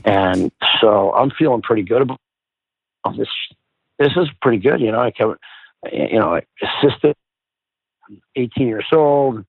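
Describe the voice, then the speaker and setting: A man's voice: mid-range voice, a little slow, creaky, pauses often, dry recording. A middle-aged man and former hockey player, casually telling stories as a guest, swearing freely and acting out the people he quotes. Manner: animated, profane, acts out quoted people. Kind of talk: casual storytelling. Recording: phone-like dry line.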